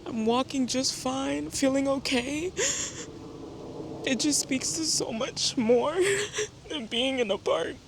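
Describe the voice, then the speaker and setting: A woman's voice: high voice, slow pace, creaky, noisy background. A woman vlogging on a wooded park trail, talking to her viewers in a chatty, emotional way. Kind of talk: casual vlog talk to camera. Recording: background music over outdoor voice.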